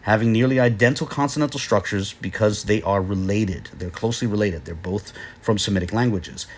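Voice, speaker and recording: A man narrating an explainer lesson in a measured, explanatory way, pausing often with filler sounds. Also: fairly low pitch, husky. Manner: measured, explanatory, with frequent "uh" pauses. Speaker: video lecturer.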